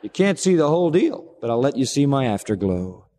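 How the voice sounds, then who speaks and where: A man's voice: medium pitch, sing-song, brisk. Preacher man in an echoing hall. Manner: dramatic, sweeping from loud to hushed. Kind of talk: sermon. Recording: long reverb of a large hall.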